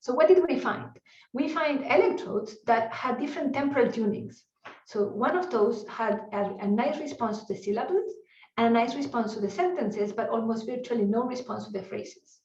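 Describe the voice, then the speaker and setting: Woman, fairly high voice, conference lecture, chatty with fillers, roomy dull far-off recording. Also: moderate pace, darkish tone. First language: Spanish. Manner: conversational, peppered with "you know" and restarts. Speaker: neuroscience researcher giving a talk.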